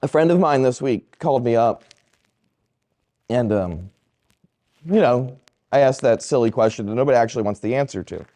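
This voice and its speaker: Priest, male, delivering a homily; storyteller who swoops through his pitch and does the voices of the people in his anecdotes. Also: moderate pace, pauses often. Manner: animated storytelling, acting out quoted people. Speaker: Catholic priest.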